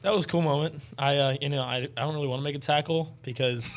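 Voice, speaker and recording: A young man, a college athlete guest on a podcast, talking in an easygoing way, laughing often and pausing on fillers. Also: on the high side, steady tone. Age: young adult. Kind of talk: casual interview chat. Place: studio.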